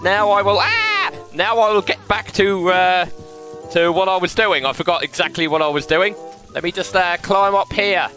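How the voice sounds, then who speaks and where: A man giving excitable, joking gameplay commentary as host of his own channel, laughing often and playing around with his lines. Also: high-pitched, normal speed. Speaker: gaming host. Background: background music.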